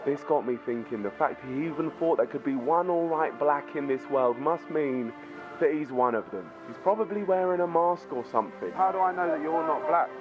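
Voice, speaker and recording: A deadpan, mock-earnest man with a high voice, doing a street interview at a rally and narrating over it. Music plays behind him, and the audio is dull and lo-fi. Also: fairly quick. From England.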